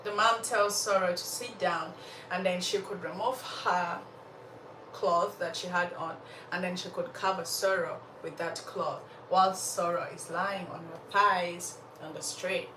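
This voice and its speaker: A woman's voice: on the low side, a little slow, echoey room. Lady telling a faith story, talks right at her listeners, far from the mic, faint hiss. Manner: animated, laughs often, talks straight to listeners. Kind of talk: faith-based storytelling with life lessons.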